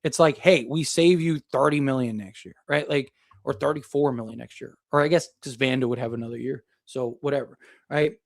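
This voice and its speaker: On a casual basketball talk stream, a young male host reads viewer super chats in a brisk, gravelly, mid-range voice. His delivery rambles, full of fillers, as he thinks out loud.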